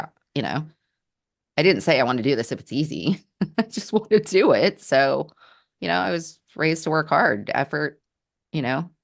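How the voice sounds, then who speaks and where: Woman, very low voice, earnest reflective storyteller, halting delivery. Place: Portland area, Oregon.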